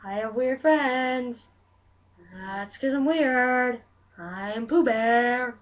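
A woman voicing a slow, creepy cartoon honey bear with a dreamy, drawn-out delivery. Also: fairly high pitch. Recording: dull lo-fi sound from a distance.

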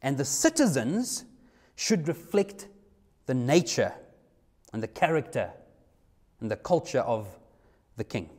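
A man's voice: medium pitch, very animated, darkish tone. Emphatic man preaching a sermon. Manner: emphatic, slows down to stress key words.

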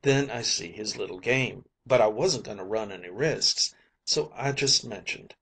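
A man reading as an old night watchman telling a sea yarn in a folksy sailor's dialect. The voice is husky and a little breathy. He takes his time and lets each phrase land. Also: lowish voice, measured pace, a bit bright. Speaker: audiobook narrator.

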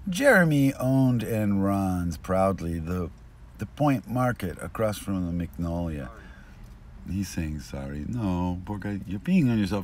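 Low-voiced rambling street joke-teller man. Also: a little hiss or hum. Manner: rambling, loses his thread, swings between mutters and shouts. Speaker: street storyteller. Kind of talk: casual rambling joke-telling. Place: outdoors on a street. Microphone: binaural recording.

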